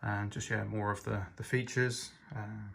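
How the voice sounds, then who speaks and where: Gravelly-voiced man reviewing toys. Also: fairly low pitch, little pitch movement, a little slow, a bit bright. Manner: enthusiastic, hesitant with frequent ums. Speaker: LEGO reviewer. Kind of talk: casual product review.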